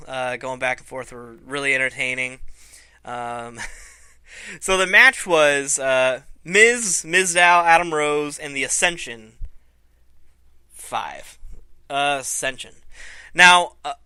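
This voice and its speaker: A man's voice: on the high side, takes it slowly, sharp tone, smooth, dry recording. A man hosting a casual review vlog, loose and laughing, swearing freely. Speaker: vlog host.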